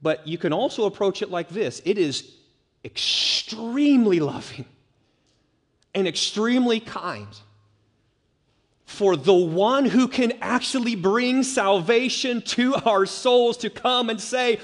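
A man's voice: high-pitched, expressive, slow. Emphatic preaching man, ringing hall. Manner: emphatic, repeats key words for stress. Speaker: pastor. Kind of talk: expository sermon. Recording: long reverb of a large hall.

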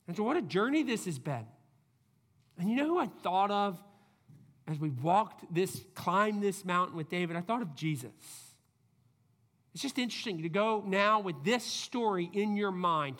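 A man's voice: high voice, fairly bright tone. A man preaching a conversational sermon. He often asks rhetorical questions and briefly acts out the people he quotes. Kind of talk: expository sermon. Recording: long hall reverb.

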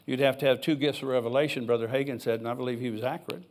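An older pastor with a medium-pitched, steady voice preaches a sermon in church at a racing pace. He reads scripture aloud and drifts into personal asides in a relaxed, conversational way.

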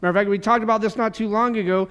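A man's voice: high voice, steady tone, rapid-fire, a bit bright, clean tone. A man preaching a sermon to a church congregation in a fervent, conversational way, with casual asides. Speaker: pastor. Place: church service.

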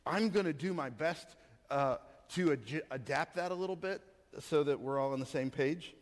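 A man preaching a sermon as pastor, telling a story in an animated, rambling way with many fillers. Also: fairly high pitch, normal speed. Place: church hall. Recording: long reverb of a church hall.

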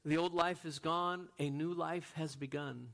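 An earnest male pastor preaching with a slightly high voice. He pushes some lines out loud and emphatic, then drops to a near hush. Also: fairly even intonation, measured pace, gravelly. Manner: earnest, swings from loud to hushed. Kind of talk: sermon.

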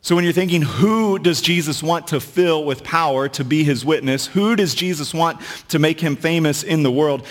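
A man's voice: on the high side, normal speed, hardly any pauses. A man preaching a sermon as a pastor, talking in a conversational way with asides and jokes. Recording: long hall reverb.

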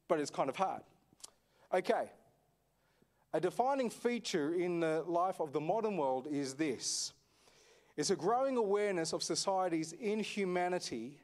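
A man's voice: sits high, darkish tone. A man, a senior pastor, preaching a sermon in a conversational way, often asking the congregation questions. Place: echoey church hall.

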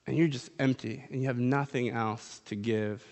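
A man's voice: mid-range voice, fairly even intonation, normal speed, a little mellow. A man preaching a sermon in a casual, conversational way, reading scripture aloud and then explaining it. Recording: long hall reverb.

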